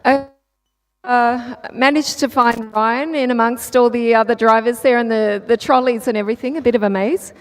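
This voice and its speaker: A woman's voice: on the high side, steady tone, normal speed. A woman interviewing a driver trackside, upbeat and encouraging in her questions. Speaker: pit-lane interviewer.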